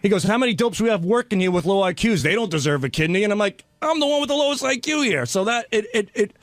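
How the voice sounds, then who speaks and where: A man's voice: sits high, expressive, quick pace, no echo, clean studio sound. A man chatting on a radio show, telling a story animatedly and quoting others. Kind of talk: casual studio chat. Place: radio studio.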